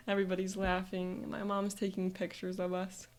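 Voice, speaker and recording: A woman's voice: mid-range voice, monotone, normal speed. A woman coach narrating a guided visualization as an upbeat present-tense memory.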